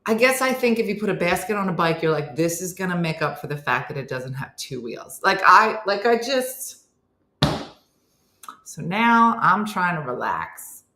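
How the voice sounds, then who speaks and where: A woman's voice: fairly low pitch, sing-song, moderate pace, sharp tone, roomy sound, a little hiss or hum. A woman telling a comic story about her morning, acting out both sides of a quarrel and laughing through it. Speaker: comedian and morning show host.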